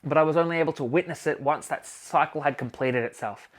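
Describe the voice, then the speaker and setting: A man talking casually to camera as a healing coach, animated and emphatic, swearing freely as he talks. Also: on the high side, brisk. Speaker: healing coach and channel host. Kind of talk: casual self-help monologue to camera.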